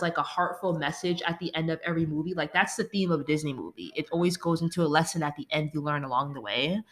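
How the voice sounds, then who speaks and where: A woman ranting casually about a movie she hates, exasperated and swearing freely. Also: on the low side. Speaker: movie reviewer.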